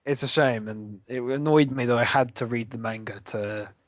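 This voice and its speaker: A man's voice: medium pitch, steady tone, moderate pace, dry recording. Man, crude joking banter, dry close sound, podcast co-host. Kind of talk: casual chat.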